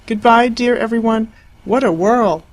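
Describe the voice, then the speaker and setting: A narrator voicing a flighty, gushing young widow, bright and excitable. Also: medium pitch, a little slow, voice pushed up, natural voice.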